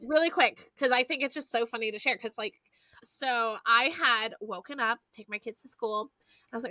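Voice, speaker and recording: A woman, hosting a podcast and telling stories in a lively, foul-mouthed, chatty way. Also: a little high, no room sound. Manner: animated storyteller, swears freely, addresses listeners as y'all. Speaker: podcast host. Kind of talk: casual chat.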